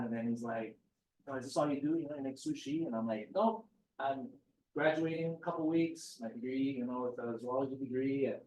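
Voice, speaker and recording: A man's voice: medium pitch, far from the mic. Middle-aged man, easygoing storyteller at a talk, a bit off-mic in an echoey room. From Hawaii. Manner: relaxed storyteller, animated quoted dialogue. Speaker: guest speaker. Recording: roomy sound, speaker off-mic.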